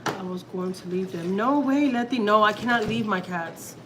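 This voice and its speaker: This woman, a family vlogger from Houston, Texas, speaks at a moderate pace in a medium pitch over background noise. Her casual personal chat is rambling and emotional, full of restarts and fillers.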